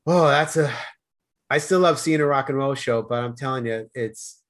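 A man with a Boston accent talking fast as a podcast guest, with stammered restarts and slurred words. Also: mid-range voice, a bit bright. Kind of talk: casual conversation.

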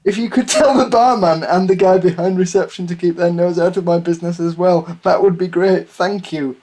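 A man's voice: high-pitched, steady tone, fairly quick, a little mellow. A man reading a listener's story aloud on a comedy podcast, laughing at it as he goes. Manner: giggly, keeps breaking into laughter.

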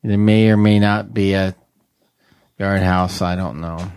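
A man's voice: low-pitched, fairly even intonation, measured pace, darkish tone, slight background noise. A man co-hosting a podcast, chatting casually and laughing through joking banter. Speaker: podcast co-host. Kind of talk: casual chat.

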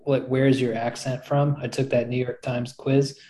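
A man's voice: medium pitch, little pitch movement, moderate pace, dark tone, poor audio. A man from Virginia with a slight Virginian accent, joking and rambling in a casual podcast chat. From Virginia, USA. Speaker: podcast co-host, author.

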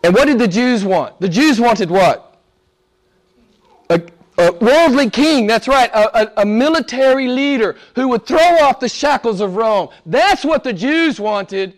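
A middle-aged man, a pastor preaching a sermon, swinging from loud emphatic lines to soft low asides. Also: lively intonation, unhurried.

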